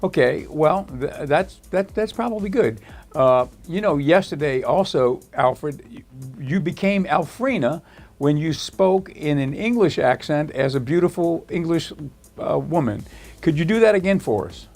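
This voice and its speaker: Give me a halting male tech-show host. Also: on the high side, lively intonation, darkish tone, soft background music. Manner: halting, many fillers and restarts. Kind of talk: live tech talk show.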